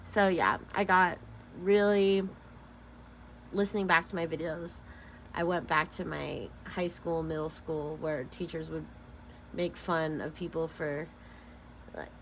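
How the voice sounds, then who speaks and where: A woman's voice: low-pitched, fairly even intonation, unhurried, long pauses, a bit bright, a little hiss or hum. A woman from Sacramento with a Californian accent, chatting casually as a tarot reader, rambling, giggling often and saying "like" constantly. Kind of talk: casual tarot-reading vlog chat.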